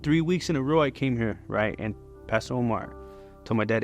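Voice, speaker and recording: A man's voice: mid-range voice, normal speed, faint music behind. A man in his forties giving a candid, conversational personal testimony at church. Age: 40s. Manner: candid and conversational, many fillers.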